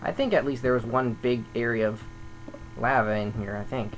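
A man's voice: mid-range voice, fairly even intonation, normal speed, slight background noise, poor audio. A man talking casually over gameplay as a server admin, grumbling and thinking aloud as he goes.

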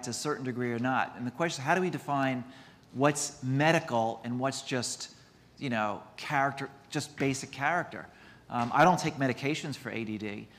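A man's voice: medium pitch, in a large hall. A man, a doctor, giving a conference lecture in a chatty, self-deprecating way, mixing medical points with stories.

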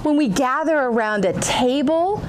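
A woman pastor talks to kids at camp in a high voice that leaps up and down. She sounds animated and playful. Faint outdoor ambience hums behind her. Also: measured pace, a little hiss or hum. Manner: animated and playful, addressing children. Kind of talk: children's camp message. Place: outdoors in the shade.

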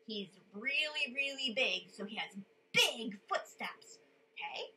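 A woman's voice: fairly high pitch, expressive, slow pace, sharp tone, rough recording. A woman reading a children's story aloud, playful and coaxing a young listener to join in with sounds.

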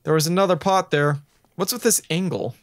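A man's voice: on the high side, brisk. A man giving casual, joking commentary while playing a video game, rambling and profane. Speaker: let's play commentator.

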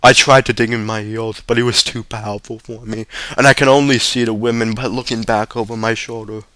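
A man reading a short story aloud as narrator, steady with occasional small stumbles. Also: mid-range voice, fairly quick, no room sound. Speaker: story reader.

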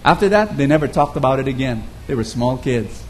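A man's voice: medium pitch, expressive, a little fast, a little hiss or hum. A man preaching a sermon, telling a story earnestly and often repeating words as he goes.

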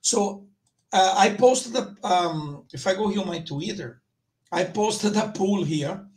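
A man's voice: high voice, slow pace. A man hosting his own crypto channel live, talking loosely and rambling, with frequent restarts. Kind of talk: casual livestream commentary.

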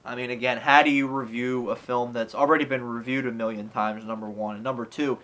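A movie reviewer rambles casually through a classic film, peppering his talk with "you know" and "like" and acting out lines from scenes. His mid-range voice is steady, brisk, and a bit bright, and the recording is rough.

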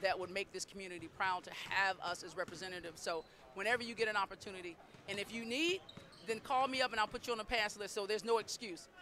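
A woman's voice: mid-range voice, quick pace, pushed and bright. A middle-aged woman, a basketball coach, talking effusively and proudly in a postgame interview, often repeating herself. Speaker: women's basketball head coach.

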